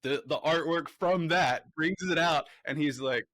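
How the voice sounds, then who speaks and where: A man being interviewed about his documentary, telling animated stories and acting out what people said. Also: on the high side, a little slow, dry recording, clean studio sound. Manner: animated, excitable storyteller acting out quotes. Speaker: documentary filmmaker guest. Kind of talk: casual interview storytelling.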